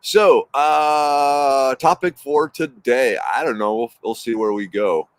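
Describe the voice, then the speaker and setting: Slow and clean-toned, with no echo, a man with a medium-pitched voice hosts a relaxed morning livestream from his backyard. He rambles cheerfully, saying hello to viewers by name, while traffic is audible in the background.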